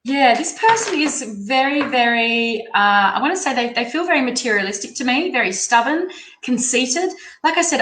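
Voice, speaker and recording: A woman's voice: fairly high pitch, fairly bright tone. A young Australian woman giving a live-streamed tarot reading, chatty and rambling as she thinks aloud. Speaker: tarot reader. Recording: roomy echo, faint background noise.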